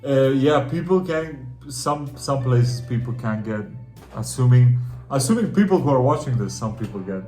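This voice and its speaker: A man's voice: mid-range voice, expressive, normal speed, hardly any pauses, mellow. Balkan man with a slight Russian accent. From Balkans, Eastern Europe. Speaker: stand-up comedian, podcast guest. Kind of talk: casual podcast chat. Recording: roomy room with faint music.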